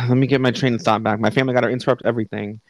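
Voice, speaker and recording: A young podcast host at home rattles off a casual story about a conversation, adding blunt, profane asides. His medium-pitched voice stays level, and the rough recording, made on a live online call setup, has no room sound.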